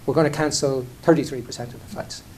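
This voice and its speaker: Middle-aged Irish man, executive; candid anecdotal delivery, mid-pitched, faint noise underneath. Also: steady tone, fast talker, a little mellow. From Ireland. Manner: conversational, self-deprecating, frequent restarts and "you know". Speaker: airline chief executive. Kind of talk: candid anecdotal talk on stage.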